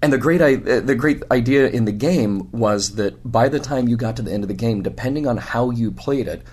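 A man's voice: mid-range voice, fairly quick, a little mellow, breathy edge. A male podcast host, his voice scratchy after a weekend convention, musing enthusiastically in casual conversation from a hotel room. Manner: musing, enthusiastic, restarts often.

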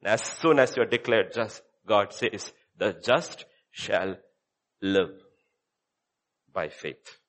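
A man preaching a sermon as a pastor, repeating short phrases and swinging between hushed and loud delivery. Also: lowish voice, slow pace, long pauses.

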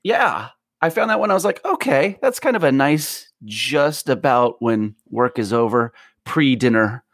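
A man's voice: medium pitch, animated, a little slow, no echo, studio quality. A man in casual chat who talks animatedly and laughs often.

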